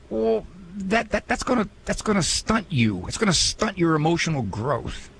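A man hosting a radio talk show, speaking in a lively, folksy way with joking asides. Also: high-pitched, gravelly, a little hiss or hum, rough recording. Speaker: radio host and psychologist.

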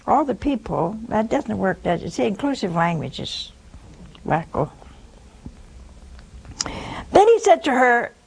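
A woman's voice: fairly high pitch, very animated, a little slow, vocal fry, pauses often, a little mellow, slight background noise, low-quality recording. A woman preaching a broadcast sermon, telling folksy stories with a teasing edge.

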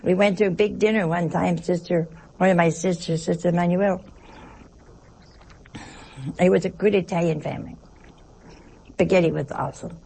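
Gravelly-voiced nun preaching folksily. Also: female voice, on the low side, steady tone, moderate pace, long pauses, warm tone. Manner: folksy, humorous, full of rhetorical questions. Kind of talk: conversational sermon.

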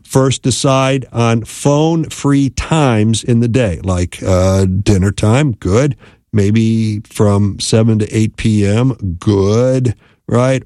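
A man's voice: on the low side, warm tone, no echo, studio quality. Folksy rambling man on the radio. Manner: rambling, folksy, repeats words for emphasis. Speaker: radio host and marriage counselor. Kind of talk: casual radio talk. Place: radio studio.

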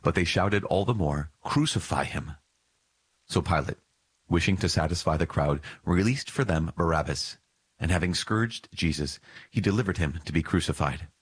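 A man giving a measured, solemn reading of scripture. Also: sits low, breathy edge, dry recording. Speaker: scripture reader.

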